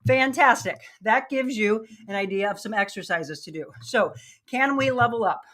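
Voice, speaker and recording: A woman's voice: a little high, normal speed, a bit bright. A middle-aged woman leading a live workout lesson, upbeat and coaching, out of breath as she demonstrates the moves. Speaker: fitness instructor.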